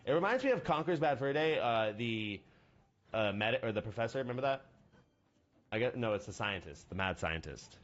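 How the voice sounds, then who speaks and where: A man's voice: on the low side, moderate pace. Rambling young man on a muffled mic. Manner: rambling, slangy and joking. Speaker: streamer. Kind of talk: casual gaming stream chat.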